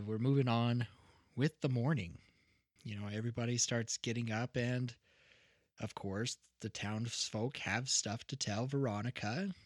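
A man recapping his tabletop campaign in a rambling, reflective way, often restarting his sentences. His voice sits at an average pitch, and the recording is dry and close. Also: no echo. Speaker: game master.

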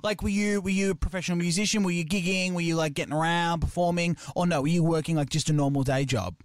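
An Australian man hosting a casual interview, eager and chatty, firing off quick questions. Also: fairly high pitch, fairly even intonation, dry recording, studio quality. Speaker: radio host.

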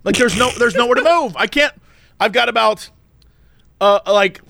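A man's voice: very high voice, normal speed, creaky, pushed and bright, a little hiss or hum. A man telling a story in casual chat, laughing often and acting out the people in it.

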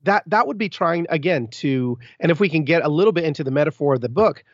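Male podcast guest, slightly high voice, emphatic and animated, dry slightly dull recording. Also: fast, no echo. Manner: animated, emphatic bursts, frequent restarts. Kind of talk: candid interview storytelling.

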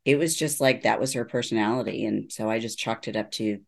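A middle-aged woman, a neuropsychologist, shares her personal testimony as an interview guest, telling her story earnestly and acting out quoted dialogue. Her voice is bass-low, creaky, a little mellow, and fairly quick.

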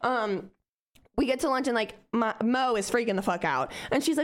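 A young woman on a podcast, as a guest, tells a story in casual, animated talk, swearing freely and acting out the voices of the people involved. Her voice is fairly high and her pace moderate.

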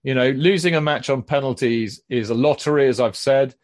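A man's voice: mid-range voice, fairly quick, dry recording. Emphatic man, dry sound. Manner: emphatic, repeats phrases for weight. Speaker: podcast co-host. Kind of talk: casual football chat.

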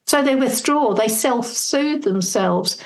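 A woman's voice: a little high, animated, slow pace, poor audio. Earnest woman giving parenting advice. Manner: earnest, fluent, explains with acted-out examples. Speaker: parenting and life coach guest. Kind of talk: conversational advice in a podcast interview.

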